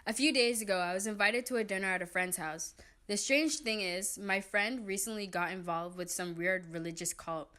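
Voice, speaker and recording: A woman's voice: medium pitch, normal speed, bright, forceful tone. Teasing young woman reading riddles. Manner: teasing, laughs a lot. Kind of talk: casual chat, reading riddles aloud.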